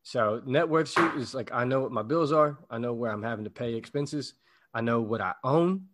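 A man's voice: mid-range voice, normal speed, fairly bright tone. A man co-hosting a casual podcast, speaking in an affirming, motivational way and often repeating words as he starts a sentence.

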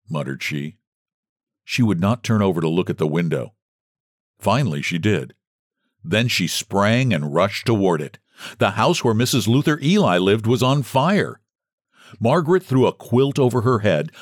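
A man with a fairly low voice reads a story aloud as an audiobook narrator, giving expressive, scripted narration. The recording is dry and studio quality.

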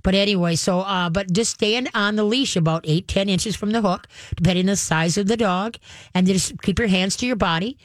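A woman's voice: mid-range voice, brisk, no room sound, studio quality. A woman hosting a call-in radio show, giving folksy, chatty advice on training pets and acting out little voices as she goes.

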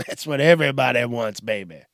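Mid-range, creaky, and fairly bright in tone, this man's voice has lively intonation and a brisk pace, with studio-quality sound and no echo. He is a podcast host on a studio microphone doing a casual solo show, cursing, rambling, and laughing frequently with a slight Southern twang.

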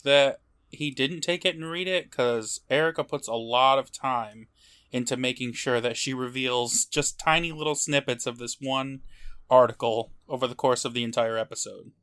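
A man's voice: mid-range voice, normal speed, fairly bright tone, clean tone. A man co-hosting a podcast, chatting casually with wry, mocking jokes and frequent laughs. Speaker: podcast co-host. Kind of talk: casual chat.

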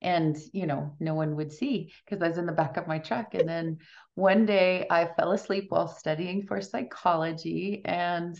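Brief: middle-aged woman guest, lower voice, chatty and giggly storyteller, muffled lo-fi audio. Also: steady tone, normal speed, vocal fry, darkish tone. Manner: laughs often, chatty and self-amused. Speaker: author and guest. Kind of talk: casual interview storytelling.

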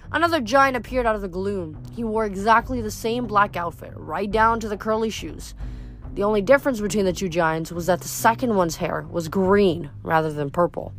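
A woman narrating a novel aloud in a lively storytelling manner with occasional small slips. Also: medium pitch. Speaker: audiobook narrator.

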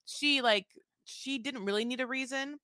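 A woman co-hosting a casual recap podcast, gossipy and crude, acting out quotes with animated swings. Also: high-pitched, normal speed, no echo, studio quality. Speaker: podcast co-host.

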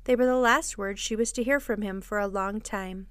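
A woman host reading a children's classic aloud in an expressive, measured storybook style. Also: mid-range voice, no room sound. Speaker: podcast host and reader. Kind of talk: storybook narration.

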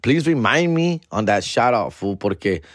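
Slangy dude, dry close mic. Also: male voice, moderate pace, no echo. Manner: slangy, peppered with "fool" and "dog", switches into Spanish; animated, acts out family members in higher voices. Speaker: podcast host. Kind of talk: casual storytelling monologue. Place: home, alone in the house.

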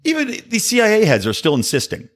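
A man's voice: high-pitched, wildly swooping pitch, fast talker. A man hosting a podcast, delivering sarcastic, opinionated political commentary with joking asides. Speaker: podcast host.

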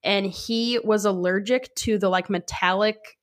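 A woman's voice: medium pitch, steady tone, measured pace. Chatty young woman co-hosting a podcast. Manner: chatty, laughs often, many fillers. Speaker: podcast co-host. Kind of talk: casual chat.

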